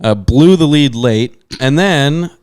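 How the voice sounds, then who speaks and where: A man's voice: on the high side, expressive, slow, darkish tone, smooth, no room sound. Young adult man, podcast co-host, rambling storyteller, clean dry close-mic sound. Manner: rambling storyteller with many fillers. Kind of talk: casual chat.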